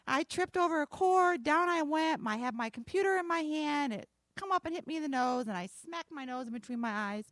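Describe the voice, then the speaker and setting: A woman's voice: high-pitched, no echo. A woman pastor preaching a sermon, telling a personal story in a folksy way and building to emphatic declarations.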